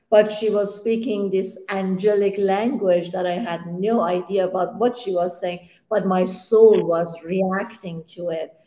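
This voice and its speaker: A woman's voice: mid-range voice, mellow, echoey room, poor audio. A woman on a round-table panel, a healer and coach, telling her own story and acting out the dialogue in it.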